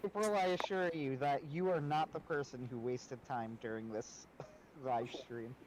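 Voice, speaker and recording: A man's voice: medium pitch, fairly even intonation, a little slow, darkish tone, a little hiss or hum, low-quality recording. A man co-hosting a livestream, talking in a dry, matter-of-fact way. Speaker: livestream co-host. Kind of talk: casual chat.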